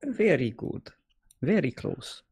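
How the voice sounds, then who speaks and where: A woman's voice: sits low, sing-song, takes it slowly, vocal fry, darkish tone, husky. A woman with a Norwegian accent, a native Norwegian speaker, co-hosting a casual podcast chat in formal, precise English. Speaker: co-host teaching words.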